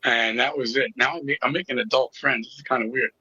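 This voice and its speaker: A man's voice: mid-range voice, steady tone, quick pace, pushed and bright, slightly rough, no echo, lo-fi sound. A middle-aged man telling his personal story as an interview guest, candid and with a sarcastic sense of humor. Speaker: interview guest, recovery coach.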